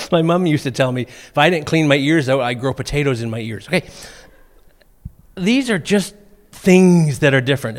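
A middle-aged man preaching a sermon, telling funny stories in a lively way. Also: on the high side. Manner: humorous storytelling, animated. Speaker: pastor. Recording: long reverb of a church hall.

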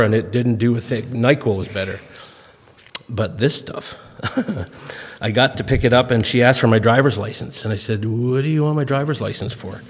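A man in his fifties, a guest speaker telling self-deprecating stories to a congregation in a folksy, comic way, clearing his throat now and then as he recovers from a cough. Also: mid-range voice. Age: 50s. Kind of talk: humorous storytelling talk to a congregation. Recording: long hall reverb.

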